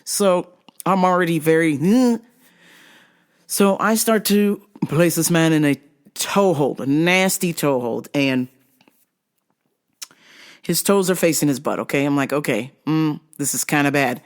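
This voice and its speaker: A speaker telling a story casually on a podcast, lively and profane, acting out the other people in it. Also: mid-range voice, measured pace, pauses often.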